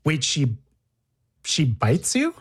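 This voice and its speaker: A man's voice: fairly high pitch, huge pitch swings, takes it slowly, husky. Curious man asking follow-up questions. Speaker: interviewer. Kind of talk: casual conversational questioning.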